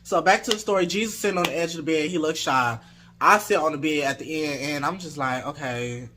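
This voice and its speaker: Mężczyzna, swobodna, żywa opowieść. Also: male voice, a little high, quick pace, background noise. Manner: animated, laid-back slang and swearing. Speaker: storytime vlogger. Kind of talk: casual storytelling.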